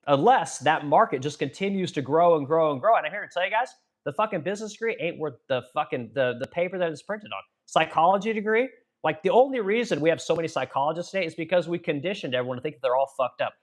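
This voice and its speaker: A man's voice: fairly high pitch, expressive, fast talker. A man hosting a live stream, ranting bluntly and profanely about the economy and reading viewer comments, with rambling asides to his audience. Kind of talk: casual political rant on a live stream.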